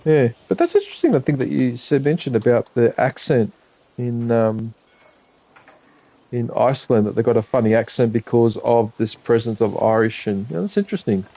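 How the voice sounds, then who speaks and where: A man's voice: medium pitch, animated, moderate pace, gravelly, warm tone, no room sound, highs cut off. A man chatting casually on a live game stream, muttering to himself and swearing when frustrated. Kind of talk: casual live-stream chat while gaming.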